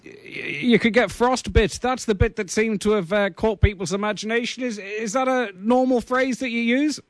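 A male radio host chatting casually on a weekend show, his talk loose and full of fillers. His voice sits high. The studio sound is close and dry. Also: normal speed, no room sound. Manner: conversational, filler-heavy presenting.

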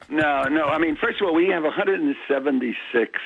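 A New York cab driver phones in to a radio show, chatty and boastful about his city. His voice is on the high side at a normal speed, coming through a tinny telephone line with background noise.

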